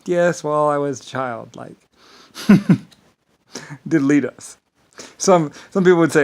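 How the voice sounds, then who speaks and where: A man's voice: fairly high pitch, a little slow, creaky, long pauses, a little mellow, poor audio. A man in a rambling, grandiose monologue to camera, swearing and laughing at himself. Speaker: vlogger.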